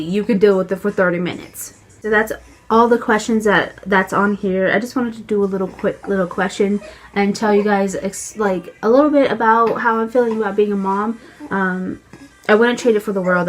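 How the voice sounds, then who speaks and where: A young woman and new mother talking casually to camera at home while feeding her baby, chatty and full of filler words. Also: mid-range voice.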